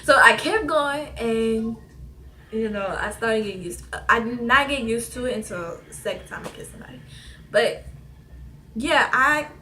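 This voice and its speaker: A teenage girl casually telling a personal story on her vlog, animated and slangy, often laughing between lines. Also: on the high side, moderate pace, slight background noise. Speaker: vlogger.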